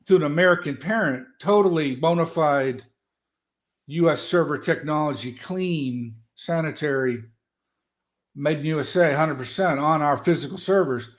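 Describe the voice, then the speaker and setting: Loud folksy man, animated. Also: on the high side, normal speed. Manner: animated, folksy storyteller who talks loud. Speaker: guest, political strategist. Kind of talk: casual motivational talk.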